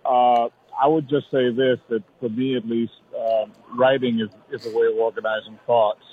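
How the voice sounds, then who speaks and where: A man's voice: medium pitch, little pitch movement, normal speed, breathy edge, no room sound. Man on a tinny phone line. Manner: hesitant, restarts often. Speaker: guest columnist. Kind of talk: interview answers.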